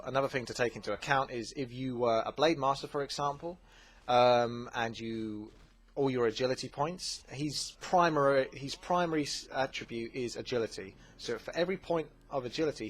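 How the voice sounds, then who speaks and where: A man's voice: mid-range voice, fairly bright tone, breathy edge. A man hosting a gaming channel, casually answering viewer questions, chatty and full of fillers. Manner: chatty, with many fillers and quick asides. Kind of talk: casual Q&A commentary.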